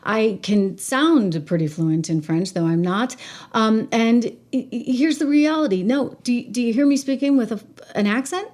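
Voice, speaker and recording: A woman hosting a casual political commentary stream, talking to viewers in an animated, emphatic way with frequent restarts and asides. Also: a little high, moderate pace.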